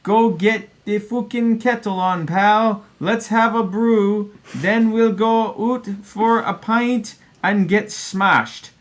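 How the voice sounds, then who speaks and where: Guy doing a jolly over-the-top Scottish bloke, high and loud, broad accent. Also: takes it slowly, few pauses. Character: boisterous hearty Scottish man, friendly.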